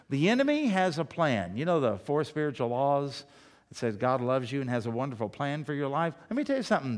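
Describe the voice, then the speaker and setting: A male pastor preaching a sermon, emphatic and full of rhetorical questions. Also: medium pitch.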